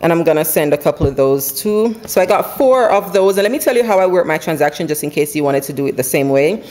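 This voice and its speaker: A woman chatting casually at home about her couponing haul, running through prices quickly and laughing now and then. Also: low-pitched, animated, darkish tone, slight background noise. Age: adult with school-age kids. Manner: chatty, quick, runs numbers aloud, laughs often. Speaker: couponing vlogger. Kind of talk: casual haul video chat. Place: home, indoors.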